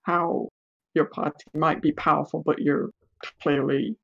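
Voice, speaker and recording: A game master narrating a tabletop game, pausing often with ums and uhs. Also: mid-range voice, little pitch movement, gravelly, dull audio. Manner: halting, with many ums and uhs.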